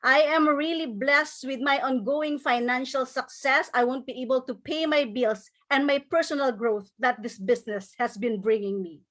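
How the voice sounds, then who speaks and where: A woman's voice: high voice, normal speed, few pauses, fairly bright tone. A middle-aged woman giving an emotional, grateful recognition speech from home, now and then tearing up and laughing through it. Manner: tearful, grateful, breaks into laughter.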